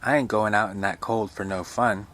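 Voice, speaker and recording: A man's voice: lowish voice, steady tone, normal speed, a bit bright, close to an everyday voice. A man voicing a young male servant who grumbles offhandedly. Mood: grumbling.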